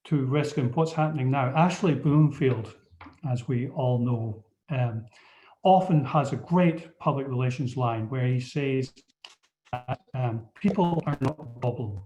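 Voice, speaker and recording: Over muffled video call audio picked up by a computer mic, a man from Scotland with a slight accent presents a webinar. He's hesitant, with lots of ums and false starts. His medium-pitched voice is warm in tone and measured in pace.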